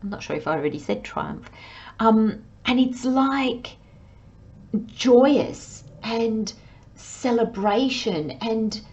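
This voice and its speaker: Unhurried woman giving a tarot reading. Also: on the high side, expressive, darkish tone, highs cut off. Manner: chatty, acts out worried inner voices, frequent fillers. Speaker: tarot reader. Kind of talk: monthly tarot reading monologue.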